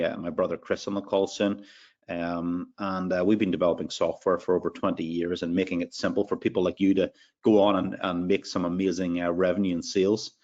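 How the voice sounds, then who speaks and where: A man's voice: low-pitched, muffled recording. Upbeat Irish man hosting a webinar. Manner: upbeat, reads out attendee names. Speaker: webinar host. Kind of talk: live sales webinar.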